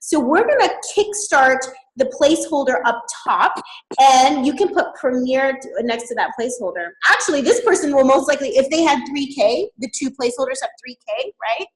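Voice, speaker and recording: A woman, a network marketing leader, explaining business strategy in an animated way, laughing often. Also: high voice, normal speed, roomy sound, poor audio.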